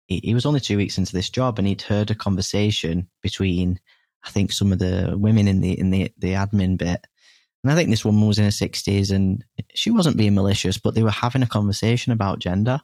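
A man's voice: fairly low pitch, steady tone, fairly quick, a little mellow, dry recording, clean studio sound. A man, a podcast guest frankly telling a personal story and often restarting his sentences. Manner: earnest, frank, full of restarts and "you know".

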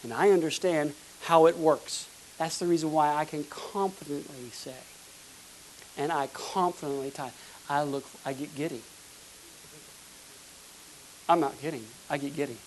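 A pastor from the United States, preaching a fervent sermon with emphatic repeated words. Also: male voice, fairly high pitch, a little slow, pauses often, slight background noise, low-quality recording.

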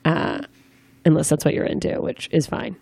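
A woman's voice: sits low, fairly even intonation, moderate pace, creaky, darkish tone, slightly rough, no room sound, studio quality. A young woman interviewing a guest in a casual, joking way, full of rambling asides.

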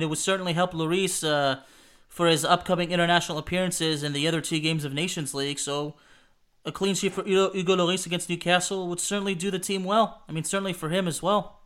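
A man's voice: high voice, fairly bright tone. A man co-hosting a casual football prediction chat, hesitant and repeating words, laughing often. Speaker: podcast co-host.

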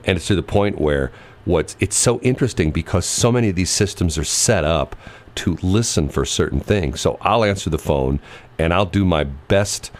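Brief: deep-voiced male radio host, lively storyteller. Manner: animated storyteller, mimics voices. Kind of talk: casual radio banter.

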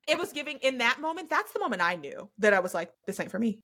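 Animated young woman telling stories. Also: a little high, quick pace. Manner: animated storyteller acting out quotes, laughs often. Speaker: podcast host. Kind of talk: casual chat.

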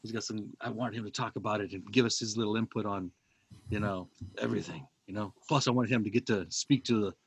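Rambling husky-voiced man. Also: on the low side, steady tone, fast, no echo. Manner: rambling, filler-heavy, loud bursts. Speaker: podcast host. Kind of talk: casual chat.

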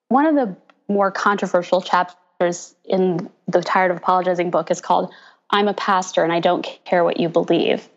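Woman pastor chatting on a podcast, lively storyteller, kinda dull lo-fi sound. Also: medium pitch. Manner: animated storytelling, mimics people she quotes. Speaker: pastor and author, podcast guest. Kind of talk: casual interview chat.

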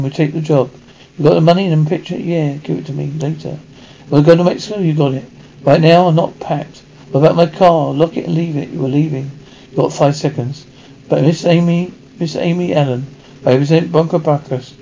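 A man acting in a 1980s TV action drama, trading brisk, gruff banter, heard on a dull lo-fi TV soundtrack. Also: fairly high pitch, dark tone, a little hiss or hum. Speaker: TV actor.

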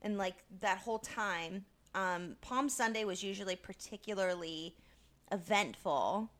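A young woman co-hosting a podcast in casual chat, rambling and animated, with lots of "like" and some swearing. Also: medium pitch, unhurried. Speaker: podcast co-host.

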